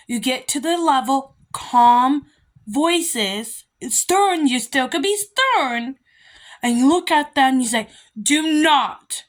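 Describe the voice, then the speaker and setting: A woman's voice: fairly high pitch, fairly bright tone. Rambling, emphatic young woman vlogger. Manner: rambling, emphatic, repeats herself. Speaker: vlogger giving parenting advice. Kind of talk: casual monologue.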